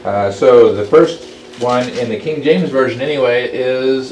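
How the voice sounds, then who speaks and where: Bible study leader, man, mid-pitched, halting delivery, distant mic in a reverberant room. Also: darkish tone. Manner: halting, restarts often, slows for reading. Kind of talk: group Bible study, reading scripture aloud. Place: room with a small group. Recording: echoey room, distant mic, background noise.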